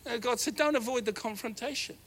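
A middle-aged man with a New Zealand accent, preaching a sermon in a church hall. He tells a personal story in an animated, self-deprecating way. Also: very high voice, brisk, slight background noise. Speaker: pastor.

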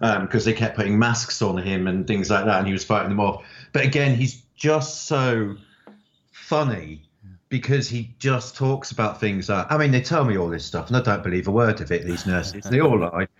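Low-voiced man, roomy muffled sound. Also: moderate pace. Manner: chatty, storytelling, many fillers. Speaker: writer. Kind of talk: interview conversation.

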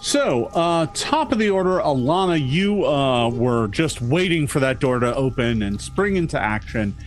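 A man narrating a tabletop game as game master, slowly and haltingly, with many fillers. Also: medium pitch, big pitch swings.

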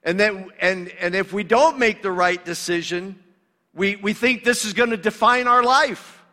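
A man's voice: high-pitched, unhurried, pushed and bright. A male pastor delivering a sermon in a conversational, emphatic way, in a church sanctuary. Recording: long reverb of a large hall.

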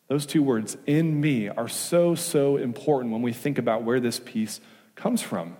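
A male pastor delivers a sermon in a middle-pitched voice, pressing his points with rhetorical questions. He swings between raised, urgent emphasis and quiet, hushed reassurance. The sound carries a long reverberant tail from a church hall. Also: fairly quick. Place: church sanctuary.

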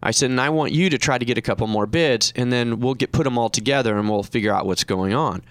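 A middle-aged man hosting a talk show, telling a story in a casual, animated way, his voice rising when he quotes other people. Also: fast talker, no room sound. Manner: animated anecdote, raising pitch when quoting others. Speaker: radio show host and reverse mortgage professional.

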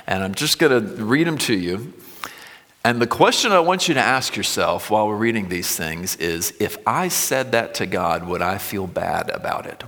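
A male pastor preaching a sermon, reading scripture with swelling intensity and dropping low and quiet between passages. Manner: reads scripture with rising intensity, then drops low and quiet. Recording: long hall reverb.

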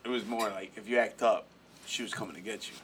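A young man chatting casually on a podcast, swearing a lot and trailing off quietly at the ends of sentences. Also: fairly low pitch, steady tone, fast, a crowd in the background. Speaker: podcast co-host. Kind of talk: casual chat.

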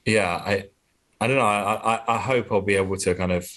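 Man, very deep voice, halting, self-deprecating, casual interview chat. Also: fairly even intonation, a bit bright. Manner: hesitant, self-deprecating, many restarts. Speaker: comedian guest.

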